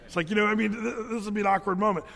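A man with a high voice preaches a sermon, retelling Bible stories with animated, folksy asides. His voice rings out with a long hall reverb. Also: very fast, vocal fry. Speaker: pastor.

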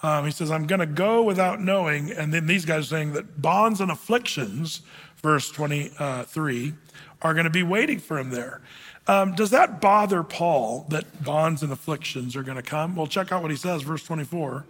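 A man preaching a conversational sermon, with many fillers and slow scripture readings. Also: fairly high pitch, animated, a bit bright, long reverb tail. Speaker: pastor.

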